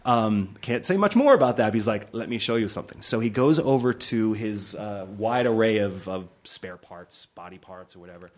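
A man's voice: moderate pace, hardly any pauses. A man in his forties, a film director telling stories in a casual chat, acting out quotes with big jumps in his voice. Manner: animated storyteller, acts out quotes with big pitch jumps. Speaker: film director, podcast guest.

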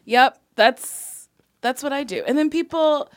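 A woman guest chatting casually on a podcast, animated and playful, often laughing. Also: high voice, a little slow, no echo, clean studio sound. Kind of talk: casual chat.

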